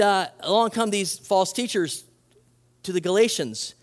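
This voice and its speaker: A man with a high-sitting voice preaches as a pastor at normal speed, with big-room sound. He's animated and conversational, acting out quoted voices and restarting his phrases.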